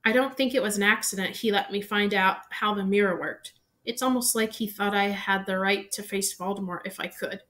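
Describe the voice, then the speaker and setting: A woman's voice: mid-range voice, fairly even intonation, fairly quick, fairly bright tone, close to an everyday voice. Harry Potter, a woman voicing an earnest young boy wizard. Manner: thoughtful, earnest.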